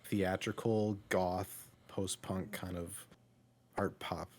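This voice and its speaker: A man's voice: sits low, level tone, slow pace, a little mellow. A man hosting a music reaction podcast, chatting casually with many hesitant fillers. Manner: hesitant, lots of filler words. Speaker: podcast host.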